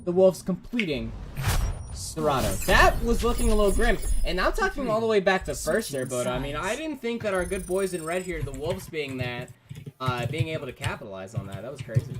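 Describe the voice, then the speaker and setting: A man casting an esports match, shouting on big plays and laid-back in the banter between. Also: high voice, sing-song, fairly quick, background noise. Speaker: esports caster. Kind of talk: esports play-by-play commentary.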